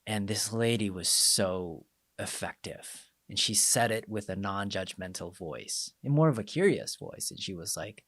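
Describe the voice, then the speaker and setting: Low-voiced man hosting a podcast. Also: a little slow, dry recording, clean studio sound. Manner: animated storyteller, acts out quoted exchanges. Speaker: podcast host and coach. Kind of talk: casual podcast conversation.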